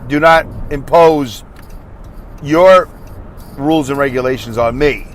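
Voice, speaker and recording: A man's voice: mid-range voice, slow. A man hosting his podcast alone, rambling through a monologue full of fillers and restarts while he drives. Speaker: podcast host. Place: car driving on a highway. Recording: faint road noise in a moving car.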